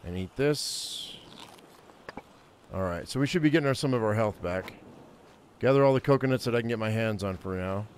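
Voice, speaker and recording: His voice is fairly low, at a moderate pace with long pauses, and the recording carries a little hiss or hum. He's a gaming channel host casually narrating a survival game to himself, quick to get frustrated and swear.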